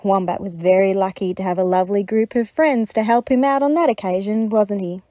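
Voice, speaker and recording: A woman reading a picture book aloud to children, gentle and expressive. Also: medium pitch, a little fast, no echo. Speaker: storybook reader. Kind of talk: children's read-aloud narration.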